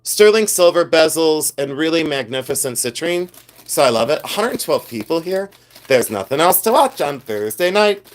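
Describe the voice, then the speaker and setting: A man hosting a casual livestream about jewelry, chatty and animated, rambling with many fillers. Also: on the high side, moderate pace. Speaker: jewelry designer and livestream host.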